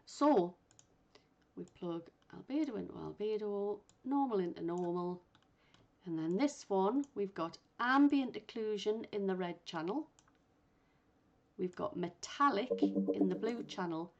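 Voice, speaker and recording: A woman teaching a software session at an unhurried, patient pace, explaining each step and thinking aloud as she clicks through. Her voice sits at an ordinary middle pitch. The recording is a little muffled and lo-fi. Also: animated. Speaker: instructor.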